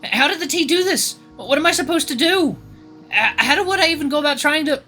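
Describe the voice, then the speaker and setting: A man's voice: extremely high pitch, moderate pace, sharp tone, faint music behind, voice pushed up, full character voice. A man voicing a young woman turning into a mouse, squealing in breathless panic. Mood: panicked.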